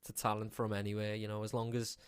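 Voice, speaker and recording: Young Scouse man, smooth, flat delivery. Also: lowish voice, fast, no echo, studio quality. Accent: Liverpool (Scouse). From Liverpool, England. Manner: easygoing, rambling, many fillers. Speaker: guest country singer. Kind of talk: casual radio interview.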